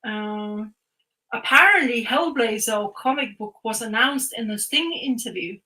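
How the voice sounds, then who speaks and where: A woman's voice: a little high, unhurried, rough recording. A young woman on a podcast, chatting casually and retelling a comic's plot in a rambling way, full of fillers and restarts. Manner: rambling, animated storytelling with frequent fillers and restarts. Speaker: podcast co-host.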